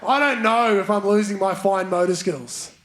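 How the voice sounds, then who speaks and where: A man with a fairly high voice works the room as a stand-up comedian, playfully teasing audience members. It is a live theatre recording with audience noise clearly audible behind him. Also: normal speed, a bit bright. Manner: playful, banters with audience members, leads chants. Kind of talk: stand-up comedy with crowd work. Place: large theatre stage. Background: audience laughter.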